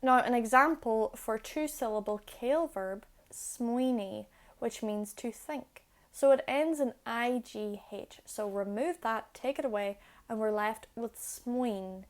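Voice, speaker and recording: A young woman explaining grammar step by step, patient and clear, in a video lesson. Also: on the high side, a little slow, soft background music. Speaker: Irish language teacher.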